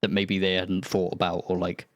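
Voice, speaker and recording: A man's voice: low-pitched, monotone, normal speed, no room sound, studio quality. A man running a tabletop game, chatting loosely after the session, swearing and laughing as he goes. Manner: loose and rambling, swears, laughs mid-sentence. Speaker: game master. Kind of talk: casual post-session chat.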